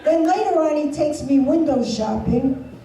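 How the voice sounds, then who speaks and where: A woman's voice: high-pitched, animated, a little slow, noisy background. A woman doing a bawdy stand-up comedy set, bantering brashly with the audience at a live show. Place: resort event room, live show. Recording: echoey venue from far off, with audience.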